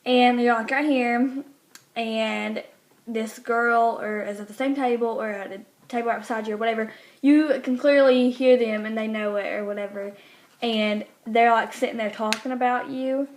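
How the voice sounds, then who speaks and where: Teen girl, slightly high voice, rambling, full of fillers. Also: steady tone, normal speed. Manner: rambling, hesitant, many fillers. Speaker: co-host. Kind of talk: casual chat.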